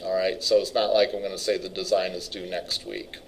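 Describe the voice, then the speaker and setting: A man's voice: low voice, flat delivery, brisk, a little hiss or hum, poor audio. A middle-aged man teaching a college class, talking casually and rambling, often stopping and restarting his sentences. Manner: rambling, casual, self-interrupting. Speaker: college instructor. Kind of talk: classroom lecture.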